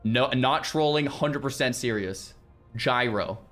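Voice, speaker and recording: A young man streaming, chatting casually with his viewers in an animated way, with lots of restarts and loud exclamations. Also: mid-range voice, moderate pace, soft background music. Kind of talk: casual livestream chat with viewers.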